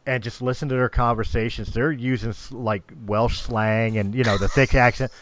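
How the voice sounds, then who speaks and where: A man's voice: medium pitch, fairly even intonation, moderate pace, a bit bright. Man, podcast host, casual chat, rambling, stumbles over words. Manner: rambling, with repeated restarts.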